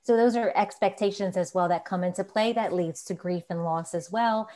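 A woman therapist on a talk show, calm and measured as she explains. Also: mid-range voice. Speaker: guest therapist. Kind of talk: conversational expert talk.

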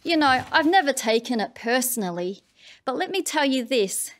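An Australian woman gives a public address as a writer, with a slightly high voice. Her delivery is wry and conversational, with pointed asides. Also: lively intonation, normal speed, a bit bright. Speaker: writer giving an annual address.

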